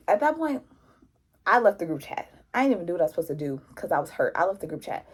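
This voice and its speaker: Husky young woman telling a story. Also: lowish voice, fast. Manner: animated, slangy, mimics people in quotes. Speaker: vlogger. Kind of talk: casual storytime.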